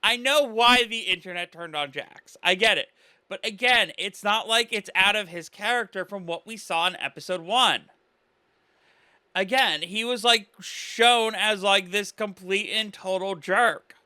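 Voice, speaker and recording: A man's voice: high voice, a little slow, bright, forceful tone, clean tone, dry recording, clean studio sound. A man giving casual reaction commentary, talking earnestly and rambling with lots of "you know" and "like".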